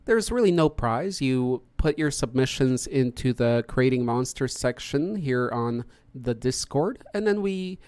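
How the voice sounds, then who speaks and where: Smooth-voiced man hosting a podcast. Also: mid-range voice, lively intonation, unhurried, hardly any pauses, darkish tone, no echo. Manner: chatty, greets each guest in turn. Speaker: podcast host. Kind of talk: casual hosted chat.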